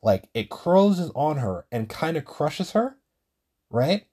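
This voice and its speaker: A man hosting his own show, telling a story in a rambling, profane, casual monologue and getting louder when he is worked up. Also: takes it slowly, husky. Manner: gets loud and high-pitched when excited. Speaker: podcast host.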